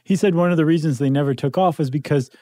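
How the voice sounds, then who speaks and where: Mellow, dry-sounding bantering podcast man. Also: a little high, fast talker, no room sound. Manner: playful, bantering, tired-sounding. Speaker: podcast co-host. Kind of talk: casual chat.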